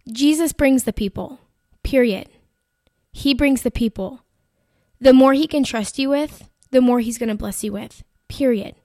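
A woman telling a personal faith story in a chatty, animated way, full of "like" and "you know". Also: high voice, measured pace, pauses often, no echo, studio quality. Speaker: Christian content creator. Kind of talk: casual faith-based storytelling.

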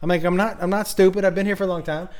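Man telling comic anecdotes, slightly high voice. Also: fairly even intonation, rapid-fire, darkish tone. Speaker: comedian guest. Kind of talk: casual chat.

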